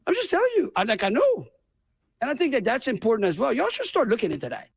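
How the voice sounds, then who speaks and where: A man's voice: very high-pitched, wildly swooping pitch, quick pace, creaky, husky. A man with a Louisiana accent, a state governor giving emphatic, rambling, folksy press conference remarks.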